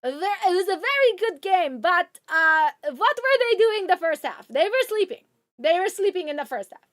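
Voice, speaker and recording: A woman's voice: very high-pitched, big pitch swings, fairly bright tone, heavily acted. A woman putting on her blunt older Hungarian grandma. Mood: grumbling. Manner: halting, plain-spoken phrasing.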